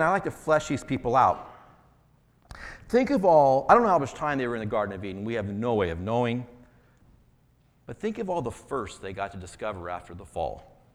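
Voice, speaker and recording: A man, a pastor, preaching a conversational sermon full of rhetorical questions. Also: mid-range voice. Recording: long reverberant hall.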